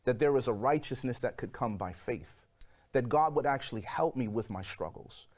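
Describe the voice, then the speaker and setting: A man in his forties, a guest telling his personal story in an interview, lively and acting out the voices of people in it. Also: mid-range voice, moderate pace. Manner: animated storyteller, acts out quoted voices.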